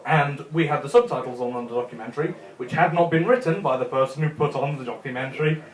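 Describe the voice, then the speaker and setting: A man's voice: mid-range voice, fast. A young man doing a chatty stand-up set in a comedy club, chuckling at his own jokes. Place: comedy club room with a live audience. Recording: echoey club room.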